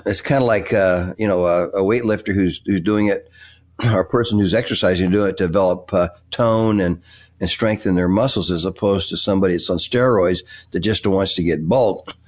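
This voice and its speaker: An older man, a tech executive and author, answering interview questions in a halting way with many fillers and restarts. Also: low-pitched, darkish tone.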